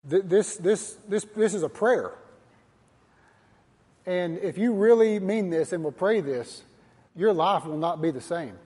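Male pastor with a husky, slightly high voice, preaching earnestly in a church hall with long reverb. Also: measured pace, pauses often, dark tone. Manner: earnest, repetitive preaching with direct challenges to listeners. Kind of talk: sermon.

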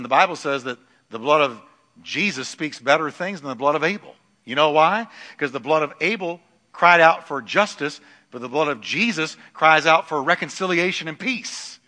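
A middle-aged man preaching a sermon in a church, swinging from loud declarations to hushed lines. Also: a little high, lively intonation, moderate pace. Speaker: pastor. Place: church sanctuary. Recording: long hall reverb.

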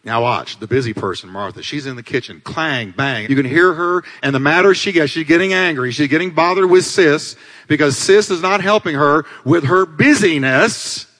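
A male pastor delivering a dramatic sermon, swinging from loud climaxes to low asides. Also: moderate pace. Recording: long hall reverb.

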